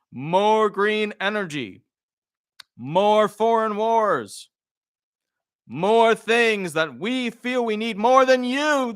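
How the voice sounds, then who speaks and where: A man's voice: high-pitched, sharp tone, no room sound, clean studio sound, voice pushed up, exaggerated voice. A man voicing a pompous government official lecturing the public in an officious way.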